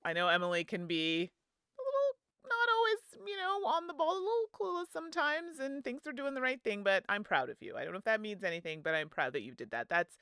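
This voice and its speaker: A woman's voice: lowish voice, pushed and bright, smooth, no echo, studio quality. A woman playing a supportive male friend in a tabletop game, coaxing and reassuring. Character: encouraging male adult friend.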